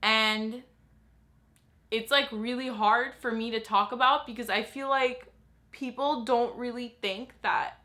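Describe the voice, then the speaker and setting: A young woman from Los Angeles, vlogging in a candid, halting way, with many fillers and restarts. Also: fairly high pitch, fairly even intonation, pushed and bright. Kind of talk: confessional vlog talk.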